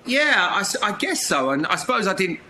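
A man, a former footballer, telling lively anecdotes as an interview guest, laughing and acting out quotes. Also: high-pitched, a little fast, a little hiss or hum, rough recording. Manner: lively, laughs mid-story, acts out quotes.

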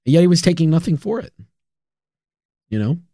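A man's voice: on the high side, big pitch swings, moderate pace, warm tone, no room sound, studio quality. A man co-hosting a podcast in casual chat, rambling through his thoughts. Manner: rambling, many fillers and restarts. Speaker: podcast co-host.

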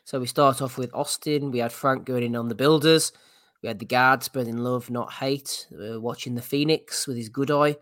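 A man hosting a boxing podcast, steering the chat and running through a segment list in an easygoing way. He has a middle-pitched voice, recorded dry and close. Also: steady tone, moderate pace, fairly bright tone, no room sound. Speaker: podcast host.

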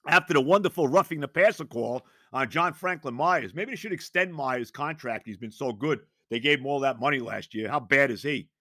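Exasperated high-voiced sports ranter. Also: male voice, bright, forceful tone, no echo, studio quality. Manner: exasperated, sarcastic, rapid rhetorical questions. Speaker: sports talk host. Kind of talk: ranting sports commentary monologue.

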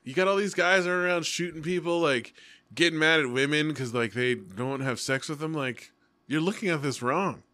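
A young man in casual chat, ranting with lots of swearing and an animated, emphatic manner. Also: a little high, moderate pace, dry recording. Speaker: works with middle schoolers.

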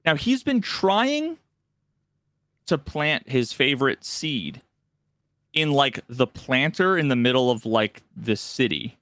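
A man co-hosting a casual gaming podcast, telling a story with lively shifts and acting out game characters' lines. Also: medium pitch, slow, dry recording, studio quality. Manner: animated storyteller, acts out game dialogue in raised voices. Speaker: podcast co-host.

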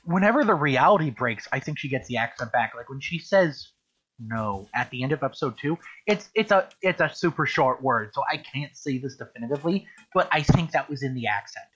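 A man hosting a casual chat, animated and quick to swear and laugh. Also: medium pitch, breathy edge. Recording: dull lo-fi recording.

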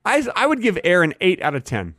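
A man co-hosting a casual comedic podcast chat, joking in a playful, deadpan way. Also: high voice, a little fast, no room sound, studio quality. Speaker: podcast co-host.

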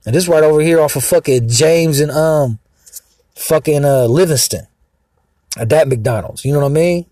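Profane, agitated husky-voiced man. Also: medium pitch, moderate pace, a little mellow, dry recording. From Mexican heritage. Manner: profane, agitated, rambling with many fillers. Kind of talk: rambling profane monologue. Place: outdoors, sitting in a car.

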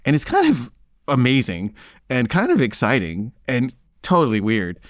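A man's voice: medium pitch, huge pitch swings, moderate pace, no echo, clean studio sound. A man casually telling a personal story in the first person, rambling and conversational, with frequent filler words.

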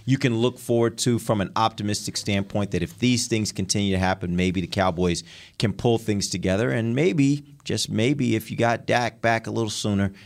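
A man with a slightly low voice hosts a sports radio show. He is upbeat and keeps things moving. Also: steady tone, normal speed, vocal fry. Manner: upbeat, moves the show along.

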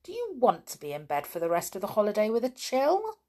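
A woman voicing a brisk, firm aunt in a storybook. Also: mid-range voice, huge pitch swings, dark tone. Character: stern, sensible mother and aunt.

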